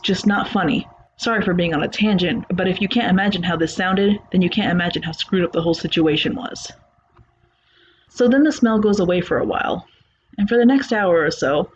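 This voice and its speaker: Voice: medium pitch, lo-fi sound, a little hiss or hum. A narrator reading a first-person horror story aloud in a plain, conversational retelling.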